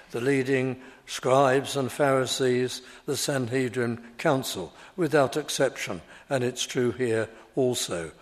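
A man preaching an expository sermon, deliberate and emphatic, leaning hard on key words. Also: medium pitch. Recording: long reverb of a large hall.

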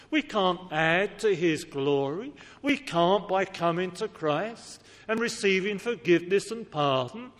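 A man preaching a sermon in an earnest, pleading way, pressing his listeners with questions. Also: high-pitched. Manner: earnest, pleading, rising to emphatic appeals. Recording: long reverb of a large hall.

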